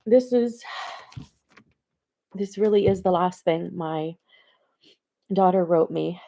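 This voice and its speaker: A woman speaking in a personal video diary to her daughters, halting with many pauses and close to tears. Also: on the low side, gravelly, mellow. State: tearful, close to crying. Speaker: mother addressing her daughters.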